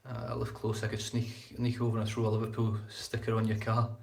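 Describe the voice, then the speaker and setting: A man's voice: on the low side, completely flat delivery, brisk, vocal fry, darkish tone, far from the mic. A man hosting a casual live-stream shaving chat, rambling and repeating his words as he talks. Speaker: shaving channel host. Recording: echoey room.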